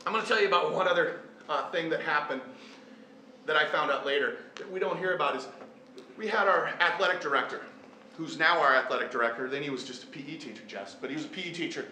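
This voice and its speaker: A man's voice: fairly high pitch, fast, sharp tone. Earnest man telling a story in a hall. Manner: earnest, storytelling, self-deprecating jokes. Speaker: teacher and event speaker. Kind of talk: personal story told to a live audience. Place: large echoey hall. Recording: echoey hall, faint room noise.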